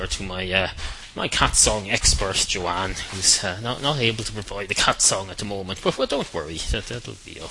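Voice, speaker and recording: A middle-aged Irish man with a low, very bright voice delivers a deadpan, rambling monologue at home with a faint hiss behind him. He wanders off track often, full of uhs and restarts. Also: low-quality recording. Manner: deadpan, meandering, many fillers and restarts. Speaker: podcast host. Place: at home at night.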